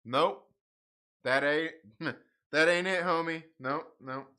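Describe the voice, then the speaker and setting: Bright-voiced man rambling about comics. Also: fairly high pitch, slow, smooth. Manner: rambling, swears a lot, laughs often. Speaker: livestream host reading comics. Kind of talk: casual profane chat.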